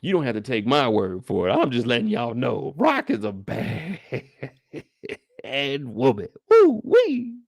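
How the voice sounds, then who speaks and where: Brief: male after-show host, lively gravelly voice, dry close sound, slangy casual recap. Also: mid-range voice, dry recording. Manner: animated, slangy storytelling to viewers. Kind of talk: casual episode recap commentary.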